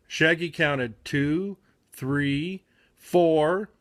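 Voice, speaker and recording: Slow, lively man reading a storybook. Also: on the high side. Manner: careful, with frequent slips and self-corrections. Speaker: reader of a children's book. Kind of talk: reading a picture book aloud.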